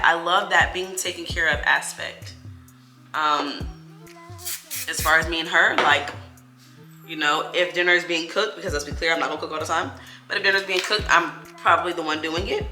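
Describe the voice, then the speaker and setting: Bright-voiced young woman chatting to camera. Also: fairly low pitch. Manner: candid, talks straight to her viewers. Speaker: beauty vlogger answering viewer questions. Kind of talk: casual chat to camera. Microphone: camera mic while doing her hair. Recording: echoey room with faint music.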